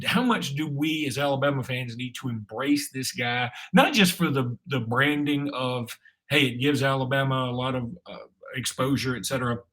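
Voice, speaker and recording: A man's voice: medium pitch, fairly bright tone, slightly rough. A man co-hosting a sports podcast, talking casually and rambling with frequent restarts and filler words. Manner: chatty, rambling with repeated restarts. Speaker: podcast co-host.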